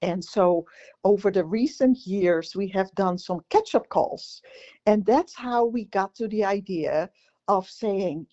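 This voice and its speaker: A woman's voice: medium pitch, slow, mellow, muffled recording. Teasing Dutch woman in her sixties. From Netherlands. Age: 60s. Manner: teasing, joking, laughs often. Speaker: podcast co-host. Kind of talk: casual chat.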